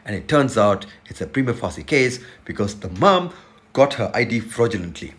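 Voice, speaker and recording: A man's voice: on the low side, expressive, normal speed. A man giving a casual news update in an explanatory way.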